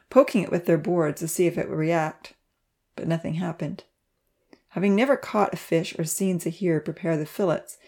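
A woman narrating a children's storybook in a gentle, even read-aloud manner. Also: lowish voice. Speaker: audiobook narrator.

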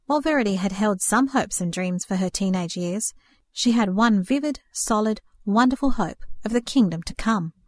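A woman narrating a storybook in a steady, earnest reading voice. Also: mid-range voice, normal speed, hardly any pauses, dry recording. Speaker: audiobook narrator.

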